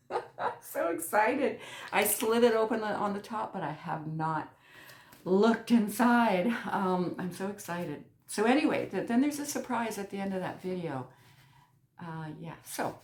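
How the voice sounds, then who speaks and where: A crafty woman unboxing her mail and gushing over every little thing, her pitch swinging up and down as she lingers on each word. She often sinks to a soft near-whisper. Her voice rings around an echoey room at home. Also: animated, a little slow. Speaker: crochet channel host. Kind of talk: casual unboxing chat.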